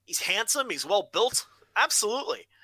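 A man's voice: high voice, very animated, normal speed, sharp tone, no echo. A man co-hosting a casual wrestling podcast, blunt and opinionated, swearing freely. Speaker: podcast co-host.

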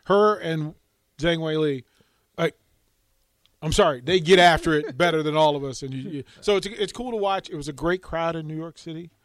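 An excitable male radio sports reporter telling a story on air and tripping over his own restarts. His voice sits fairly high, and the sound is dry and close to the mic. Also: moderate pace, no room sound. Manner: animated, excitable storyteller who restarts often.

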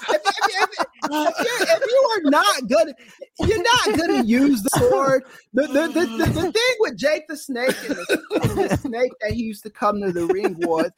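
A man co-hosting a casual wrestling podcast, talking in an animated, opinionated and teasing way. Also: extremely high pitch, moderate pace, crowd noise. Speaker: podcast co-host.

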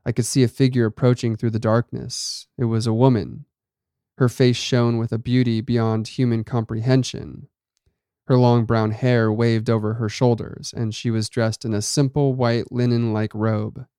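A man narrating a first-person story in a measured, dramatic reading. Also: mid-range voice, flat delivery, mellow, smooth, dry recording, clean studio sound.

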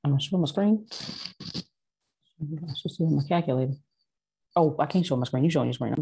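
A woman taking part in a casual finance class on a video call, chatty and quick to laugh. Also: sits low, mellow, husky. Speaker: class participant. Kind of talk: casual group call chat.

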